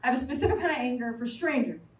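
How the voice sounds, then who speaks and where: A young woman from New York City preaching a chatty, animated sermon to a college fellowship and joking with the audience. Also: sits high, fast talker. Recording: roomy sound from a distant mic.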